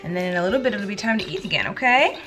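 A young woman vlogging as a mother of twins, gushing in excited baby talk. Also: mid-range voice, rapid-fire, over music. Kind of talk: casual vlog talking to camera and babies.

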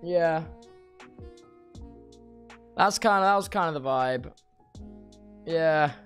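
A man's voice: a little high, slow pace, a bit bright, soft background music. A young man streaming a few hours after surgery, groggy and talking a little thickly, rambling in slang with many restarts. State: groggy after surgery, speech slightly impaired. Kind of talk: casual chat reading viewer messages.

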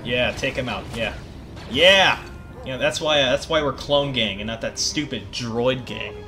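A young man giving excitable, profane commentary over his gameplay, often yelling at the game. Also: medium pitch, a little slow. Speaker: gaming video creator. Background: game music.

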